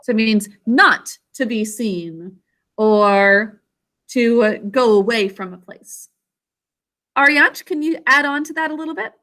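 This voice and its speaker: High, bright slow-speaking woman teacher. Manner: slow, deliberate, sounds out syllables. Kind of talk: teaching a spelling lesson to children.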